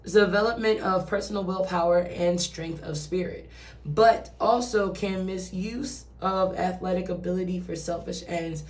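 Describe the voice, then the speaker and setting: A woman giving a casual, chatty tarot reading who swears and acts out quoted voices. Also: fairly low pitch. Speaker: tarot reader. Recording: roomy echo, distant from mic.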